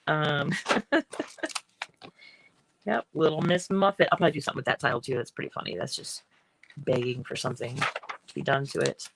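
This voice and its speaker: A woman chatting casually as she shows her craft books on a livestream, rambling and often clearing her throat. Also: low-pitched, lively intonation, moderate pace, pauses often, noisy background. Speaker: artist hosting a livestream. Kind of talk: casual craft show-and-tell.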